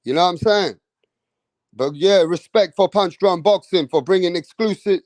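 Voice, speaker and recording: A man giving casual boxing commentary, excitable and slangy, repeating himself for emphasis. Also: high voice, dry recording.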